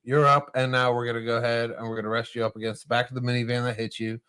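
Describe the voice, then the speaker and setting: A man hosting a casual bar-show chat, telling a drawn-out hypothetical with lots of swearing. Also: medium pitch, smooth, no echo. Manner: profane, animated storytelling. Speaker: podcast host.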